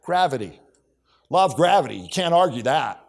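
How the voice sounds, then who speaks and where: A man's voice: a little high, big pitch swings, normal speed. A middle-aged man giving a motivational keynote on a conference stage, telling stories and acting out bits of dialogue. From United States. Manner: storytelling, acts out dialogue, repeats catchphrases. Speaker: keynote speaker.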